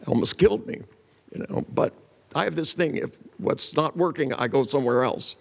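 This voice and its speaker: A man's voice: on the high side, animated, normal speed, gravelly, husky, long reverb tail. An older man giving a seminar talk, telling blunt, joking stories and acting out the voices of people in them. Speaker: seminar speaker. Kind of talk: live seminar talk with anecdotes.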